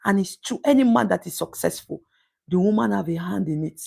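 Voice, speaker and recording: Talking a little fast in a medium-pitched voice that is gravelly yet mellow with a breathy edge, a woman with a Nigerian English accent hosts a casual live stream. She reads viewer comments, emphatic and preachy, repeating words for stress.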